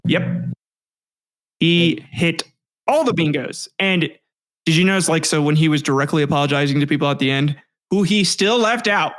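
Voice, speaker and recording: Guy on a podcast reading something out loud, slightly high voice, snarky asides. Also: moderate pace. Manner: reads in a flat, mocking tone and breaks into snide asides. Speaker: podcast co-host. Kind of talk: casual chat, reading a statement aloud.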